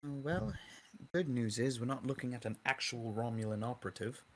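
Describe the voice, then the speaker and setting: Brisk, matter-of-fact man at the game table. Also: mid-range voice, a little hiss or hum. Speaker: player. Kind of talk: tabletop game play over a call.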